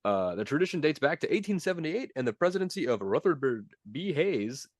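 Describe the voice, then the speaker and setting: A man's voice: on the high side, big pitch swings, dry recording, studio quality. Playful young man reading quiz questions. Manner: playful, teasing, reads quiz questions quickly. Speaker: podcast co-host running a quiz. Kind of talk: casual podcast chat.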